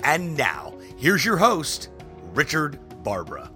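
A man's voice: fairly high pitch, huge pitch swings, takes it slowly, bright, forceful tone. A man reading a scripted show introduction as announcer. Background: faint music.

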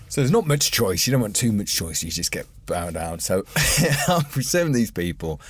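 A man's voice: on the low side, moderate pace, hardly any pauses, husky, no room sound. A man co-hosting a casual film chat, telling an anecdote with acted-out voices. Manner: animated anecdote teller, acts out voices. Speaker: podcast co-host.

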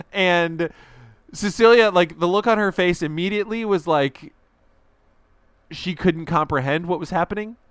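A young man with a smooth, resonant voice that sits a little high tells a story in loose, rambling podcast chat. He pokes fun at himself and fills his talk with fillers. The sound is dry and close, with no room around it. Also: normal speed, fairly bright tone, dry recording. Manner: self-deprecating, rambling with many fillers.

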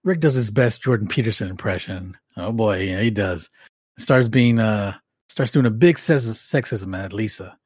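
A man's voice: on the low side, normal speed, darkish tone, slightly rough, dry recording, clean studio sound. A man co-hosting a podcast, reading a recap aloud with wry joking asides. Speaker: podcast co-host.

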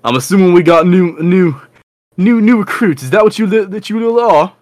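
A man's voice: high voice, lively intonation, fairly quick, darkish tone, dry recording, clean studio sound, voice pushed up. A man voicing a big red-skinned horned male brute who mocks the newcomers with a stammer. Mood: mocking. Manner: stammering, taunting.

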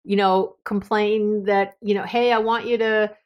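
A middle-aged woman hosting a solo advice podcast, chatty and animated, laughing often and acting out other people's words. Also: mid-range voice, measured pace, muffled recording. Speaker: podcast host.

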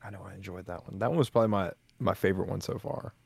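A man's voice: sits low, racing, gravelly, a little mellow, husky, dry recording. A man co-hosting a podcast, chatting casually with short, modest replies. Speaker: podcast co-host. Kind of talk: casual chat among friends.

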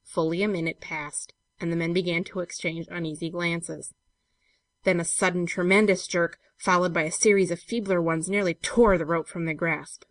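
A woman reading a classic story aloud in a measured, steady way. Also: fairly low pitch, no room sound. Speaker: narrator.

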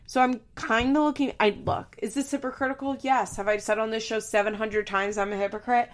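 A woman's voice: fairly high pitch, steady tone, a little fast. A woman hosting a podcast, recapping in casual, chatty talk with profanity and sarcastic asides. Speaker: podcast host.

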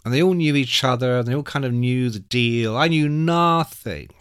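Guy in his 60s swapping wild stories, bright lively voice, dead dry close mic. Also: mid-range voice, normal speed, clean tone, no echo. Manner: animated, acts out quoted voices, swears freely. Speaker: guest. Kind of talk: casual storytelling.

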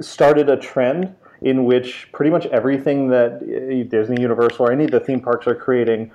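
Male interview guest, enthusiastic, filler-heavy, mellow tone, muffled line. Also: mid-range voice. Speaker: guest, theme park writer. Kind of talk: casual interview talk.

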